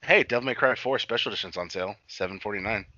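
A man's voice: on the low side, rapid-fire, no room sound, dull audio. A man co-hosting a casual podcast about a movie, swearing freely and acting out lines from scenes. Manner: animated, swearing, acts out quotes. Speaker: podcast co-host.

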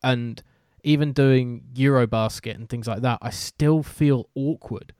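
A British man talking casually as a podcast host, loose and self-deprecating, often restarting his sentences. His voice sits at an ordinary middle pitch. The sound is close and dry, with no room around it. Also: fairly even intonation, measured pace, darkish tone, smooth, no echo. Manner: chatty, self-deprecating, many fillers and restarts. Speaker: host and sports commentator.

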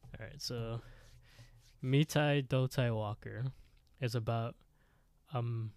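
A man's voice: medium pitch, steady tone, slow, darkish tone, no echo. A man co-hosting a podcast, retelling a scary story in casual chat with lots of fillers. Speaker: podcast co-host.

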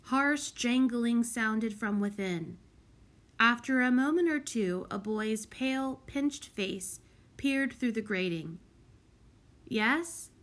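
Woman reading a kids' book out loud, kinda high voice, takes her time, clear and steady. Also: slow. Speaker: audiobook reader. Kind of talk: scripted narration.

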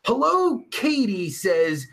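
A man's voice: high voice, big pitch swings, takes it slowly, gravelly. A man hosting a live show, reading chat messages aloud and answering them in a rambling, vulgar, easily riled way. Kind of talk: crude casual live-stream chat.

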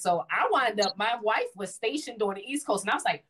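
A woman's voice: mid-range voice, fast, breathy edge. A woman in her forties, co-hosting a casual chat, telling stories and acting out what people said to her. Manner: animated storyteller, acts out quotes. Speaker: podcast co-host.

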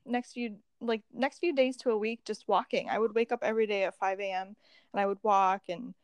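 A woman shares a personal story as a podcast guest, casual and expressive, slipping into other people's voices as she quotes them. Her voice sits in an ordinary middle pitch. The recording is dry and close, with no room sound. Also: brisk, smooth, dry recording. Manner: expressive, laughs often, acts out quoted dialogue.

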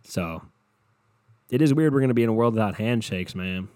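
A man hosting a solo podcast, ranting casually with lots of swearing, swinging between low mutters and loud exasperated outbursts. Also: expressive, a little fast, no room sound. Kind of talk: casual comedic rant.

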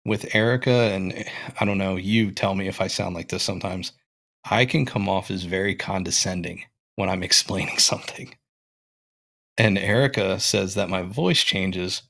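A man's voice: low-pitched, a bit bright. A young man hosting a casual podcast, thinking aloud as he talks, with frequent restarts and fillers. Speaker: podcast host.

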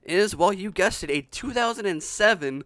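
A man's voice: sits high, animated, normal speed, fairly bright tone, no echo, clean studio sound. A man in his twenties co-hosting a casual chat, tired, stammering and laughing often. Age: 20s. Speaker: podcast co-host.

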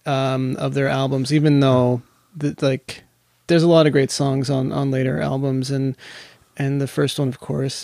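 A man's voice: medium pitch, little pitch movement, measured pace, gravelly, warm tone, no echo, clean studio sound. A man hosting a podcast, chatting casually and enthusiastically about bands and albums, with a rambling manner. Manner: enthusiastic, rambling music fan. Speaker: podcast host. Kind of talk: casual music chat.

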